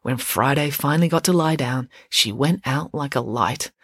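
A woman author reading her children's mystery story aloud for a podcast, clear and expressive. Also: a bass voice, moderate pace, no echo, studio quality. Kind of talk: storybook narration.

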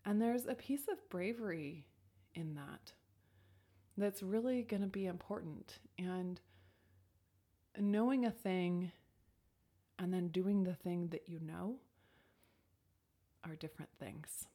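Speaking slowly with long pauses, a woman with a fairly low, warm voice reflects on intuition and choices while giving personal advice. The casual talk is thoughtful, peppered with "like" and restarts, and sometimes sinks to almost a whisper.

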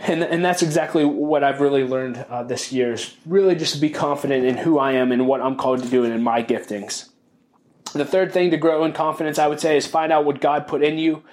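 A man's voice: fairly high pitch, steady tone, brisk, a little mellow. Earnest, reflective man hosting a podcast. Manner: earnest, reflective, with frequent restarts and repeated phrases; openly emotional, calls himself sensitive. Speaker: podcast host. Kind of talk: podcast monologue sharing lessons.

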